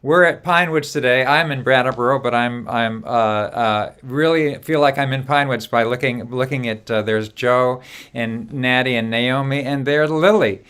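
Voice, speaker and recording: A man's voice: medium pitch, moderate pace, fairly bright tone, clear, resonant tone. A man hosting a live online song stream, chatting casually and greeting viewers by name with frequent hesitations over a video call. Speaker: host.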